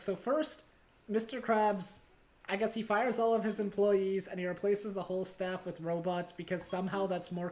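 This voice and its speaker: A woman streaming a game, chatting casually in a rambling, giggly, bemused way. Her voice sits at an ordinary middle pitch.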